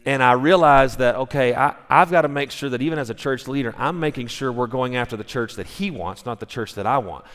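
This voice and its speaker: A pastor preaches in a casual, animated way, moving from story to scripture and acting out quotes along the way. He is a man with an ordinary mid-range voice. The sound carries the long reverb of a big church hall, heard through a stage mic. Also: medium pitch, a little fast, few pauses. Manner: conversational, animated, with restarts and acted-out quotes. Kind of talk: sermon storytelling. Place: church sanctuary.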